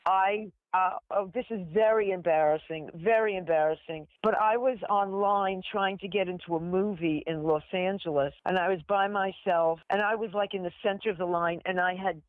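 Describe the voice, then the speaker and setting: A woman in her sixties, a guest actress, telling animated, self-deprecating stories in a casual interview chat and laughing often. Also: mid-range voice, normal speed, few pauses, no room sound. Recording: tinny phone-like line, dry.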